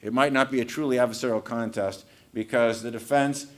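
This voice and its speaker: Law professor on a panel, male, mid-pitched voice, emphatic explanatory delivery. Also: fairly even intonation, a little fast. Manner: emphatic, explanatory, repeats key words for stress. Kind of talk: academic panel lecture.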